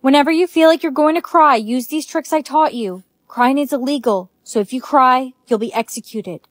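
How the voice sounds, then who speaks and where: A woman's voice: sits high, normal speed, no room sound. A woman acting out short dramatic POV skits, switching between characters. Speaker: skit creator.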